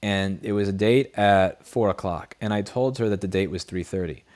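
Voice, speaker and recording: A man hosts a late-night livestream from a home desk setup, talking straight into a studio mic. His voice sits a little low. He chats in a blunt, rambling way, swears freely and answers viewer messages. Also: normal speed, a little mellow. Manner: blunt, profane, rambling storyteller. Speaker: livestream host. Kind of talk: casual chat, reading viewer messages. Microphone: studio headset mic.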